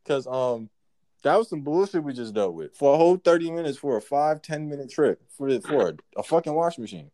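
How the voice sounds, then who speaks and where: A man casually telling a work story among friends, profane and animated, acting out what people said. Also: a little high, a little fast. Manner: profane, animated, acts out quotes.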